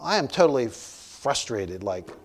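A man in his sixties tells a story from the pulpit, poking fun at himself and breaking into laughter. His voice sits at an ordinary pitch but swings widely up and down as he acts out the story. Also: sing-song, measured pace. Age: 60s. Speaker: preacher. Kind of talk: storytelling sermon.

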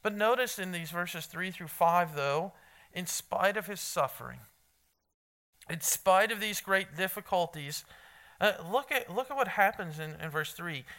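A man's voice: sits high, expressive, a little slow, sharp tone. A male pastor preaching a sermon, earnestly repeating key points and talking directly to the people in front of him. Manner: earnest preaching with emphatic repetition; talks directly to listeners in the room.

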